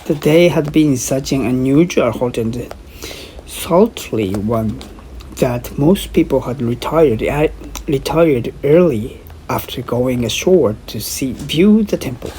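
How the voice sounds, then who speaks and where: A woman's voice: extremely low pitch, expressive, warm tone, a little hiss or hum. A woman, a native Japanese speaker, reading a novel aloud in English as practice, carefully, correcting her slips. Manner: careful, halting with self-corrections. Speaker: reader.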